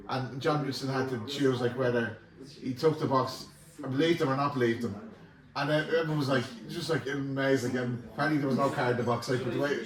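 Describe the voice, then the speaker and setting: Rambling middle-aged man in an echoey room. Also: medium pitch. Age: 40s. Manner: rambling, repeats words, animated storytelling. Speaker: podcast co-host. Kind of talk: casual chat. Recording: echoey room, mic at a distance.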